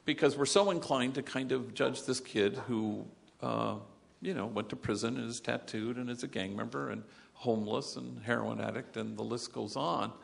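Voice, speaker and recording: A man with a heavily gravelly, creaky voice at a middle pitch tells a story to an audience. He grows loud at the key moments and drops low when he reflects. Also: moderate pace. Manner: earnest storyteller, rising loud in retold moments, dropping quiet in reflection. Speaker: speaker on gang work. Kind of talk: storytelling talk.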